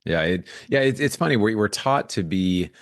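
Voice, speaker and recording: Very deep-voiced man in his forties. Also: expressive, moderate pace, no echo, clean studio sound. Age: 40s. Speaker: guest. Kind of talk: casual interview chat.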